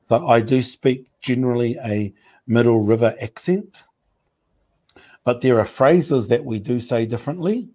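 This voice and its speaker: A man talking in a relaxed, thoughtful way during a casual discussion, pausing often with fillers. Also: mid-range voice. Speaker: panel speaker.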